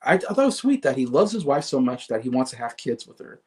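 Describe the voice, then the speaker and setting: A man's voice: mid-range voice, sing-song, fast talker, darkish tone. A man giving a casual solo commentary on movie awards, chatty, with frequent fillers and laughs.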